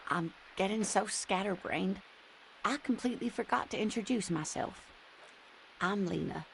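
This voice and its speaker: A creaky, gentle old lady. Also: medium pitch, normal speed, slight background noise. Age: older. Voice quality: gravelly, creaky. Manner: gentle, teasing, polite. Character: chatty, kindly older married woman. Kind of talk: video game voice acting.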